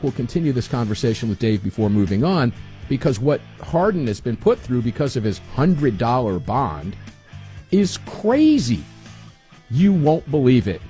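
A man's voice: medium pitch, warm tone. A man hosting a live talk radio show, folksy and emphatic, talking straight to his listeners in the studio.

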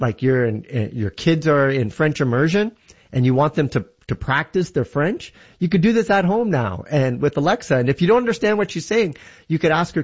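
A man's voice: fairly high pitch, breathy edge, highs cut off. A man from Canada explaining technology in casual radio chat, enthusiastic and full of examples. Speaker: tech guest.

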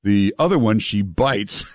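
A talk radio host, talking in a loose, conversational way full of "uh"s. His voice sits on the low side. The studio mic is close and dry. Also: takes it slowly, no room sound. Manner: relaxed, chatty, with frequent "uh" fillers. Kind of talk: talk radio banter and ad reads. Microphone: studio broadcast mic.

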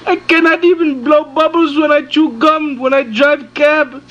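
A prank caller playing a distressed male cab driver with ruined teeth, in halting broken English and panicky wails. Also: high-pitched, steady tone, a bit bright, highs cut off. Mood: wailing. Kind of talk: prank phone call.

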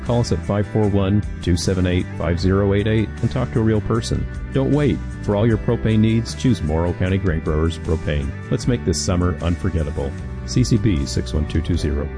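A man with a low, deep voice reads an upbeat radio commercial in a friendly sales manner. Music plays clearly behind him. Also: a little fast. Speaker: ad voice-over. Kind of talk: scripted radio ad read. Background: music bed.

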